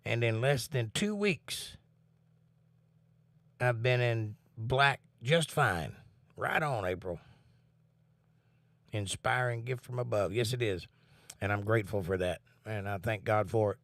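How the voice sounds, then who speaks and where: A man's voice: on the low side, a little slow, pauses often, no echo. A man hosting a casual livestream from home, talking earnestly about faith and reading out viewers' comments. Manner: relaxed, earnest, talks about faith and reads chat comments. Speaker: livestream host.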